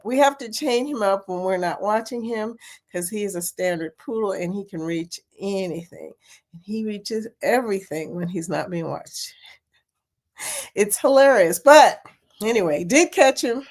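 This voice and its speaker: Female livestream host, mid-pitched, chatty and folksy, rambles with fillers. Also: a little slow. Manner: chatty, folksy, laughs often and trails off with fillers. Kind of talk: casual live chat.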